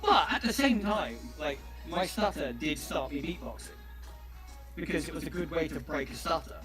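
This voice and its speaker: A man's voice: on the high side, animated, normal speed, a bit bright. A man from southeast England with an English accent, chatting casually in a carefully enunciated, slightly pompous way. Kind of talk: casual chat on a stream. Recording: music playing behind.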